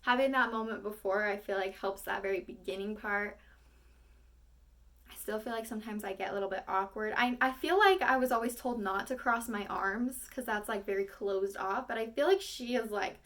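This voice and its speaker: A woman's voice: mid-range voice, fairly bright tone. A young woman, an acting student, thinking aloud between rehearsal takes, rambling and self-critical with lots of fillers.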